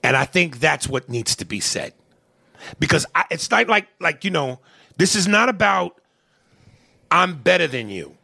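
Animated gravelly New host. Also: male voice, a little high, unhurried, long pauses, dry recording, studio quality. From New York. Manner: animated, mimics accents, repeats words. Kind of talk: casual comedic podcast chat.

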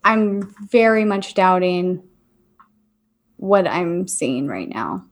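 A woman in casual chat as a psychic medium, talking in a hesitant, musing way with many fillers and pauses. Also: on the low side, big pitch swings.

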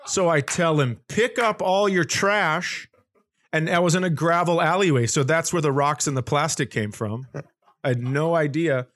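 A man's voice: a little high, moderate pace. A man telling a long comic story on a podcast, acting out the quoted lines and laughing as he goes. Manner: animated anecdote with quoted voices and laughter. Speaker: comedian guest.

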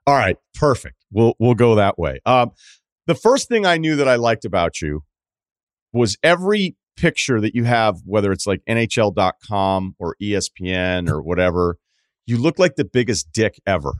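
Joking podcast host, low dry voice. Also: male voice, sing-song, moderate pace, no echo. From Martha's Vineyard, Massachusetts. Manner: loose, joking, swears freely. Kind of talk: casual podcast chat.

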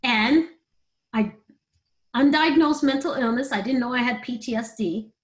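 Brief: middle-aged woman guest, high voice, animated storyteller, laughs easily. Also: unhurried. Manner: animated, laughs between stories. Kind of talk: candid storytelling interview.

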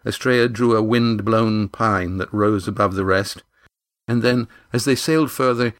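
A man reading an adventure novel aloud in a measured, even storytelling manner on a close studio mic. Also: lowish voice, no echo. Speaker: audiobook narrator. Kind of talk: scripted narration of an adventure novel.

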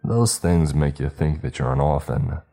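A man voicing a blunt, sarcastic teenage boy with a British accent, in a deadpan, dismissive way. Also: extremely low pitch, normal speed, gravelly, soft background music, full character voice. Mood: scornful.

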